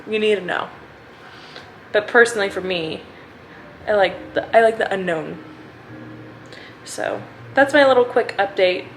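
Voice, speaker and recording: A woman's voice: medium pitch, expressive, unhurried, pauses often, a little hiss or hum, poor audio. A young adult woman chatting casually in a reading vlog, gushing and rambling with lots of filler words. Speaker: book vlogger.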